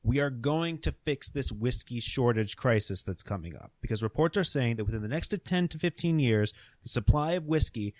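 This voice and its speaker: A man's voice: medium pitch, animated, normal speed, dry recording. A man co-hosting a casual comedy podcast, laying out his bits earnestly and appealing to listeners. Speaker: podcast co-host.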